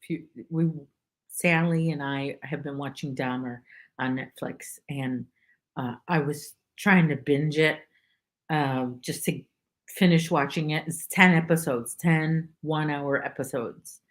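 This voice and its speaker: A woman with a low voice chats at a measured pace while crocheting on a casual livestream from her home. Her talk rambles, and she reads viewers' names aloud.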